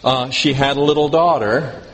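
Medium in pitch and normal in speed, a pastor talks through his sermon casually, asking the congregation questions and adding dry, self-deprecating jokes. The recording has long reverb from a hall and a faint layer of background noise.

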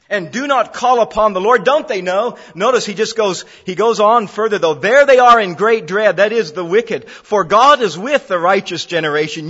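A man's voice: sits high, fairly bright tone, husky. A man preaching an expository sermon, emphatic, repeating phrases for stress. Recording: dull lo-fi sound in a reverberant hall.

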